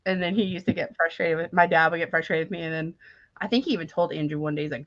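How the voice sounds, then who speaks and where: A woman's voice: fairly low pitch, fairly even intonation, fast, fairly bright tone, no room sound. A woman in her thirties co-hosting a casual chat, telling rambling stories, laughing often and acting out what others said. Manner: chatty storyteller who laughs often and acts out quotes. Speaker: podcast co-host. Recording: slightly dull dry recording.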